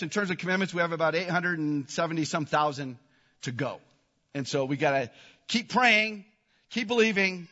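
A man preaches to his congregation in a high, bright voice, building to excited shouts as he tells a story. His words ring out with a long reverb in a big hall, and the recording sounds a little dull. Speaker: pastor. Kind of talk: sermon.

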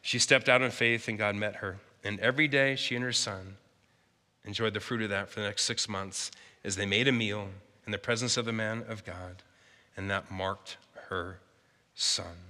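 Male pastor, sermon, conversational, very bright voice, long hall reverb. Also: on the low side, steady tone, moderate pace. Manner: conversational preaching, acts out characters.

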